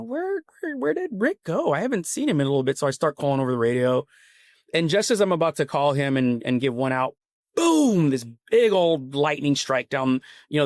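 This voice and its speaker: A man's voice: medium pitch, no echo. Male podcast guest, casual rambling storyteller, mid-range voice, dry studio sound. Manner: rambling, earnest, full of "like" and "you know". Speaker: podcast guest, company CEO.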